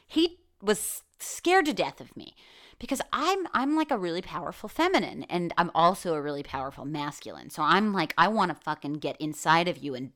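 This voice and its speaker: A woman hosting a solo podcast, talking candidly and with plenty of swearing, saying "like" often and restarting her sentences. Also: fairly low pitch. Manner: candid and profane, with lots of "like" and restarts. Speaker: podcast host. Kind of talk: casual solo podcast monologue.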